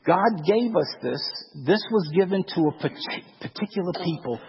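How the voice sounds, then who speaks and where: A man preaching a sermon with emphasis, dropping to a hush and then rising to forceful lines, repeating phrases for effect. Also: sits high, animated, moderate pace, husky. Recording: dull, long-reverb hall sound.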